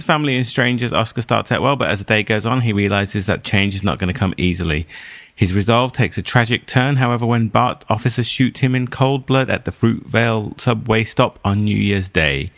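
A man hosting a casual film review podcast from a video call. His voice sits a little low and sounds close and dry. He reads a movie summary and trades sarcastic jokes with his co-hosts. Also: fairly bright tone, dry recording. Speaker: podcast host.

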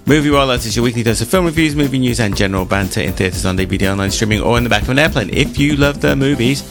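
A man's voice: fairly low pitch, rapid-fire, over music. A man co-hosting a film review podcast, chatting casually and enthusiastically about movies and TV. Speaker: podcast co-host.

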